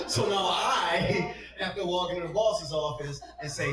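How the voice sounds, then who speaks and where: A man's voice: high voice, unhurried, few pauses, pushed and bright. A man doing a crude stand-up set, often laughing at his own jokes. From Detroit, USA. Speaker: stand-up comedian. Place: comedy venue with laughing audience. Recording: echoey room, heard from far off, audience noise.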